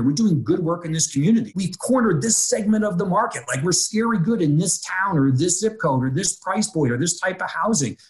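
Animated middle-aged man, lively storyteller. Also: sits high. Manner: energetic, acts out quoted dialogue. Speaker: real estate executive. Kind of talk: conversational interview.

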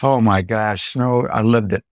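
A man's voice: fairly low pitch, measured pace, no echo, clean studio sound. A man in his seventies from Illinois, a dairy farmer telling stories from his life, acting out the quoted voices. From Illinois, United States. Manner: animated storyteller, acts out quoted dialogue. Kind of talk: storytelling interview.

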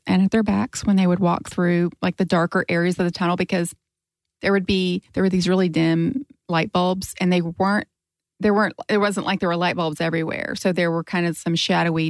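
A woman's voice: lowish voice, vocal fry, a little mellow, dry recording. A woman co-hosting a podcast, telling a spooky story in a dramatic, teasing way. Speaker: podcast co-host. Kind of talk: casual storytelling chat.

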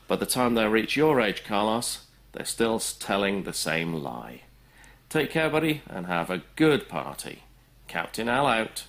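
A man's voice: on the low side, a bit bright. A man giving a jokey, upbeat birthday message in an announcer-like delivery. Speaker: friend sending a birthday message. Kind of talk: recorded voice message.

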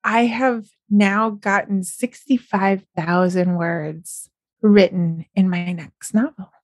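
A woman's voice: mid-range voice, steady tone, slow, dry recording. A middle-aged woman, chatting on her podcast in a casual, upbeat way and often smiling as she talks. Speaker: podcast host and novelist. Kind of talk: casual solo podcast chat.

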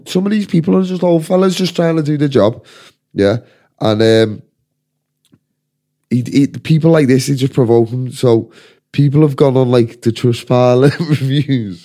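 Scouse podcast host, swears a lot, rambling rants, dark mellow voice. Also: male voice, mid-range voice. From Liverpool, England. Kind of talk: casual chat.

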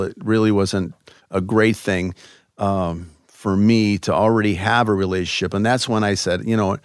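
A man from Chicago, a guest in an interview, telling stories in a loose, animated way with many fillers. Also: lowish voice, no room sound, clean studio sound. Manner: animated, lots of "you know" fillers. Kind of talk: conversational interview storytelling.

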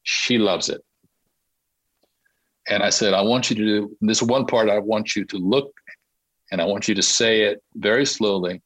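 Lively low-voiced male storyteller. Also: moderate pace, long pauses, dry recording, low-quality recording. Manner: lively storyteller who laughs through his own tale. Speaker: podcast guest. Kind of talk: anecdotal storytelling.

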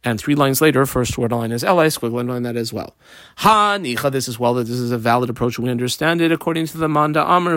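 A man teaching a Talmud class page by page, reading Aramaic terms and explaining them quickly in English. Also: on the high side, a bit bright, no echo, studio quality.

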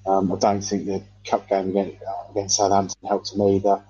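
A man in casual football chat, hesitant and measured, often repeating himself. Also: low-pitched, completely flat delivery, warm tone, breathy edge, dry recording. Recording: dull dry lo-fi sound.

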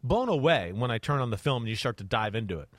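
A man hosting a sports podcast in casual chat, animated and acting out quarterback reads with sound effects. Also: mid-range voice, quick pace, no echo, clean studio sound. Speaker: podcast host and quarterback analyst.

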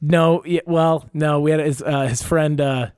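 A man's voice: a little high, fairly even intonation, a little slow, a little mellow, clear, resonant tone, no room sound, studio quality. A young man telling a wild story in a casual chat, rambling and profane, with lots of fillers and restarts.

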